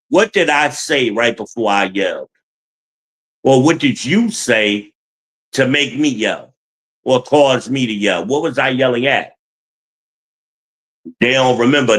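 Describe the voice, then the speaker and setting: A man speaking rants on a livestream, blunt and profane, and answers his chat as he goes. He talks at an unhurried, drawn-out pace, and his pitch sits in the middle range for a man. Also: fairly bright tone, low-quality recording. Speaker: streamer giving relationship advice. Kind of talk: livestream rant.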